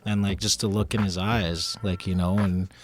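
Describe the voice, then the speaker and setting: A man's voice: low voice, flat delivery, moderate pace. A man on a radio panel, telling a story and acting out the quoted dialogue. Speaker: panelist and ceremony helper.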